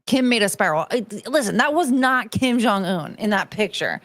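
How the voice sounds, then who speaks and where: A woman's voice: medium pitch, animated, normal speed, a bit bright, dry recording. A young woman hosting a casual commentary stream, rambling and swearing, slipping into mocking voices when she quotes people. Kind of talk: casual rambling livestream chat.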